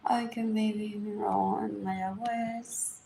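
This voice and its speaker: A woman's voice: mid-range voice, flat delivery, slow pace, vocal fry, mellow. A woman, rambling through a live-stream monologue, repeating herself and dropping into whispers. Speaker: livestream host. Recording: echoey room, faint background noise.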